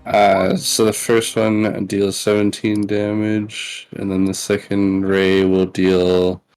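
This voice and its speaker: A man playing a tabletop game, laid-back and thinking out loud. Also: on the low side, completely flat delivery, slow, clean tone, faint music behind, low-quality recording. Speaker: player. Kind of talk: casual tabletop game play.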